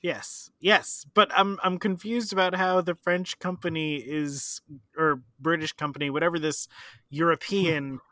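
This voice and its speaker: A man with a notably high, crisp, bright voice talks casually about a film. He sounds wry and incredulous. The sound is dry and close, with no room around him. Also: steady tone, measured pace, no room sound. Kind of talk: casual movie chat.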